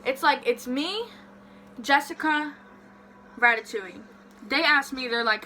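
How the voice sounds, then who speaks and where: A young woman vlogger telling a story in a casual, animated way, swearing freely and saying "like" a lot. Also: high-pitched, a little slow, a little hiss or hum.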